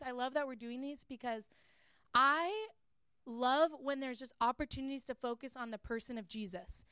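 A woman's voice: sits high, a bit bright, no echo, clean studio sound. A young adult woman giving a casual Bible teaching talk, chatty and earnest with frequent fillers.

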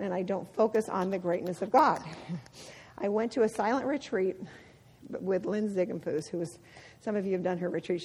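A woman's voice: mid-range voice, breathy edge. A middle-aged woman giving a devotional talk full of personal stories, laughing often as she tells them. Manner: laughs often, animated storytelling. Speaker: women's ministry speaker. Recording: long hall reverb.

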